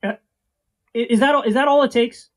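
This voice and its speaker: Rich: A man with a notably high voice holds forth as host, sarcastic and worn out by what he is reacting to. His talk is casual, profane and full of ranting asides. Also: a little fast. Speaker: show host reacting to clips.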